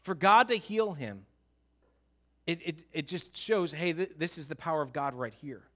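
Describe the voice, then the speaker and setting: A male pastor delivers a sermon in a church sanctuary, speaking into a stage microphone. His voice sits high and sounds bright and forceful. He tells the story in an animated way, jumping from loud outbursts down to soft, quiet remarks. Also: moderate pace.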